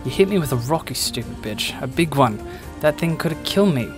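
A taunting, cruel boy bully from a game story, put on by a male reader. He sneers and shouts at his target. The voice is middle-pitched. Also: expressive, moderate pace, over music, lightly acted. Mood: furious. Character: cruel bullying village boy, loud ringleader.

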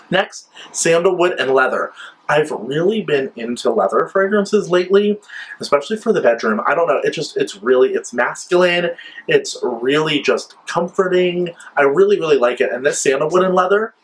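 Guy gushing about candle scents in his vlog, kinda high voice, super chatty. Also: fairly bright tone, low-quality recording. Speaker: vlogger reviewing wax melts. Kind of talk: casual review chat. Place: his new apartment.

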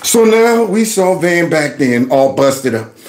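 A man's voice: on the high side, very animated, slow, darkish tone, echoey room. A man hosting a reaction commentary, laughing and sarcastic as he mocks a clip. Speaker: host.

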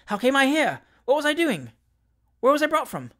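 A man voicing a bewildered, flustered elderly gentleman who speaks in high exclamations. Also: big pitch swings, normal speed, full character voice.

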